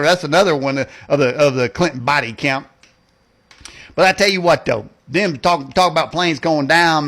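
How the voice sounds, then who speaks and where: A man hosting a political rant show mocks and rambles in folksy slang, laughing at his own jokes and tacking "man" and "okay" onto his lines. His voice is on the high side with a fairly bright tone.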